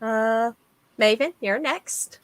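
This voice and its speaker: A woman narrating a tabletop game as game master, giving calm rulings. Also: on the high side, takes it slowly, dry recording.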